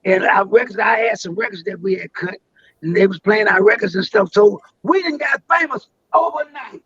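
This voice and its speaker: An older man spins long, rambling stories, often stumbling over and repeating his words. His voice sits high for a man. The sound is dry and a little dull, like a live stream. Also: moderate pace, a bit bright, husky, no room sound. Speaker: interview guest. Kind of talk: storytelling in a live interview.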